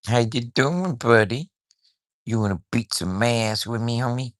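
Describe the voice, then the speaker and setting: At home with his cat, a male vlogger speaks in a mid-range voice at a measured pace. His casual rant to camera is swaggering and taunting, peppered with swearing and laughter.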